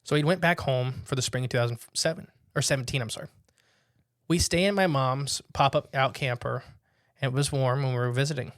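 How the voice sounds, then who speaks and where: A man's voice: mid-range voice, a little fast, no room sound, clean studio sound. A young man hosting a casual podcast, telling stories with animation and reading listener accounts aloud. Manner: animated storyteller, laughs while telling. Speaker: podcast host.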